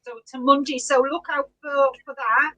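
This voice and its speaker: A woman's voice: sits high, fairly even intonation, normal speed, bright, forceful tone, muffled recording. A woman hosting a casual live-stream chat, greeting viewers by name and laughing often. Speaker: podcast host reading live chat.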